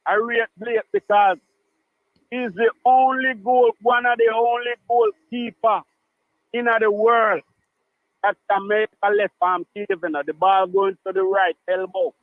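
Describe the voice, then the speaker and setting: A man with a Jamaican accent, calling in to a radio show and talking in an animated way, mixing patois into his speech and repeating himself. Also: sits high, measured pace, no echo. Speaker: caller. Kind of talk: call-in radio chat. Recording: tinny phone line, dry.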